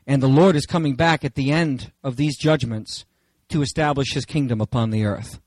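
A man preaching a sermon in an animated, dramatic way with playful asides. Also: medium pitch, normal speed, dry recording, low-quality recording.

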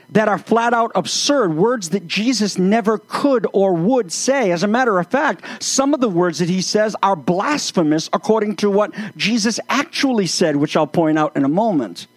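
A man preaching in a sermon-style commentary, earnest and exasperated, with sarcastic turns. His voice sits high for a man. The sound is dry and close, with no room around it. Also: no room sound. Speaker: pastor.

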